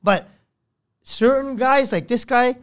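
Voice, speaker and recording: A man, a podcast guest, telling a story in casual, blunt and profane talk that swings between loud and hushed. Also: extremely high pitch, slow pace, clean tone.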